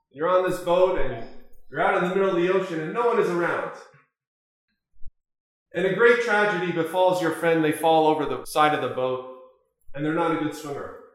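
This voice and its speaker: A man preaching a sermon as an Orthodox priest, measured and full of rhetorical questions. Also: on the high side, a bit bright. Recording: very echoey church.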